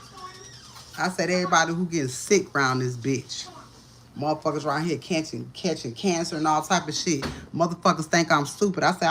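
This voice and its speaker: A woman's voice: deep voice, a bit bright, slightly rough. A woman doing a live-streamed tarot reading from home, ranting in a profane, agitated way. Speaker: tarot reader.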